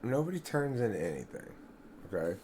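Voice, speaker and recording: A man's voice: on the low side, sing-song, a little mellow, a little hiss or hum. A man hosting his own channel, talking in a rambling solo vlog with meandering asides to himself. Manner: slow, meandering talk with self-directed asides. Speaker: channel host.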